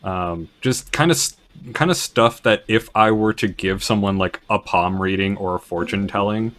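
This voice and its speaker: Man, fairly low voice, tabletop player, laid-back, chuckly. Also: moderate pace, a bit bright. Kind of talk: casual tabletop play.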